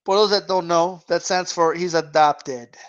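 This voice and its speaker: A man's voice: a little high, steady tone, unhurried, clear, resonant tone, highs cut off. A man hosting a casual boxing talk stream, reading viewer questions aloud, laughing often and talking in slang with casual swearing.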